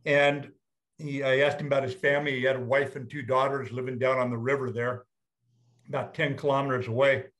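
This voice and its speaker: An older man, a retired general, telling a story to an audience in a plain-spoken, blunt way and slowing down to stress his points. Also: medium pitch, level tone, a bit bright. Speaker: retired general, guest speaker.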